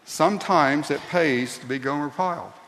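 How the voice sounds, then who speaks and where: A man preaching a sermon as pastor, slow and deliberate, building to emphatic peaks. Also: fairly high pitch, a bit bright, slight background noise. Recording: long reverb of a large hall.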